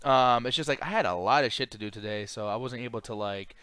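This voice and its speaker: A young man streaming, chatting loosely with his viewers in slangy, sing-song talk, his throat a bit rough. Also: mid-range voice, fast talker, sharp tone, no room sound. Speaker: streamer host. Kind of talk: casual live-stream chat.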